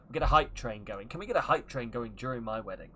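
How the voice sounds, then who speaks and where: A man's voice: mid-range voice, expressive, fast, sharp tone, slight background noise. Rambling, jokey male game streamer. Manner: rambling, jokey, laughs often. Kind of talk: casual gameplay commentary.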